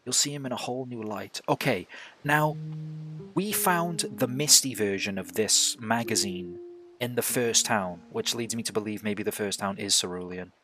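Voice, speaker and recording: A man's voice: on the low side, normal speed. A man streaming a game who chats casually, swears freely, laughs often and thinks aloud. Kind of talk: casual gameplay chat. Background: game music.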